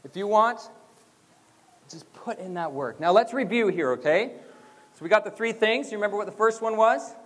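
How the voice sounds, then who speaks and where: A young man giving a motivational graduation speech, energetic and leading the crowd in chants. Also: high-pitched, moderate pace. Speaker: motivational speaker. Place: school gym or auditorium. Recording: long hall reverb.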